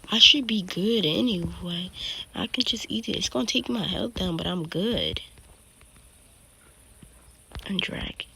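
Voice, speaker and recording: Woman gamer chatting slow, half whispering, lots of hiss and clicks behind. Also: medium pitch, creaky, sharp tone. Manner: chatty, keeps drifting into whispers. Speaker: gamer streaming her own play. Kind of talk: casual gameplay commentary.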